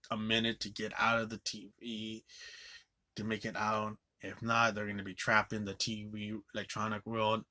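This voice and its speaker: Guy rambling thru a movie recap, lowish voice but punchy and bright, swears a bunch. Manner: rambling, loose, swears often. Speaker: movie reviewer.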